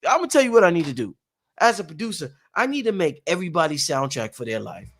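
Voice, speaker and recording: A man talks straight to his audience in a loose, rhythmic monologue. His voice sits a bit high for a man, and he swings from loud sung bursts to low, quiet musing. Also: fast. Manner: animated, sings and shouts snippets, trails off into low musing. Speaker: show host and producer. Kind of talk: casual monologue to viewers.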